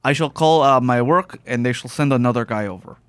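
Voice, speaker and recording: A man's voice: mid-range voice, fairly quick, fairly bright tone, smooth, dry recording, studio quality, lightly acted. A man doing a stiff Russian mover. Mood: formal, polite. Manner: stiff formal broken phrasing. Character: polite formal male Russian mover.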